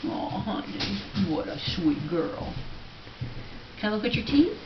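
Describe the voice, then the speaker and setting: A woman's voice: on the low side, a little slow. A woman at home coaxing and baby-talking to a pet in a sing-song voice, recorded on a handheld camera. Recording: dull home video with steady noise.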